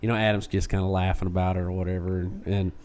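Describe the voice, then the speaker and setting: Low-voiced man telling a story. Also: fast talker, slight background noise. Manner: animated retelling, acting out quoted speech. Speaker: podcast co-host. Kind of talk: casual storytelling chat.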